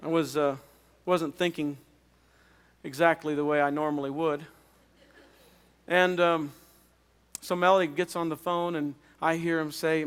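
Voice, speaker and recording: A man, a pastor, preaching a revival sermon as an earnest personal testimony, often halting and repeating words. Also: fairly high pitch, little pitch movement, smooth. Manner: earnest storytelling with halting restarts. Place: chapel. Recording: long reverb of a chapel.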